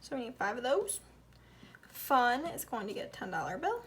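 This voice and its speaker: A woman's voice: a little high, sing-song, normal speed, a little hiss or hum. A woman with a Southern US accent talking through her budget in a casual vlog, counting bills aloud and sometimes murmuring the tallies under her breath. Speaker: budgeting vlogger.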